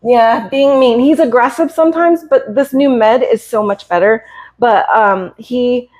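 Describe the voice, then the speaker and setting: A woman in her fifties from the United States, a cat breeder on a live stream, telling a hard personal story in a halting, earnest, emotional way. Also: fairly high pitch, darkish tone. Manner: halting and earnest, with many hesitations. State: emotional, close to tears.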